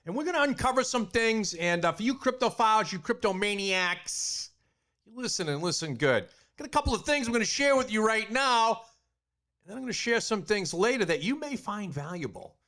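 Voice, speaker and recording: A middle-aged man hosting a radio talk show, with energetic, slangy patter. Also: high-pitched, a little fast.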